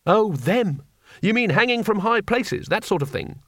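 A man's voice: high-pitched, expressive, measured pace, fairly bright tone, no room sound, voice pushed up, heavily acted. A man voicing a cowardly male wizard who talks in a dry, sarcastic, exasperated way.

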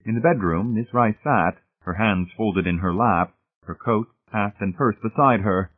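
A man with a husky voice narrating a story, reading steadily and shifting voices for the characters. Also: on the low side, unhurried. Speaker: audiobook narrator. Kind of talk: scripted narration. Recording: tinny phone-like audio.

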